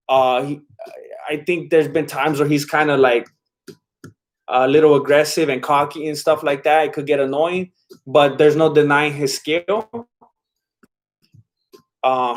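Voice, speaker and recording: A man hosting a live stream in casual chat, rambling and laid-back as he reacts to viewer comments. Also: a little high. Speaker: livestream host.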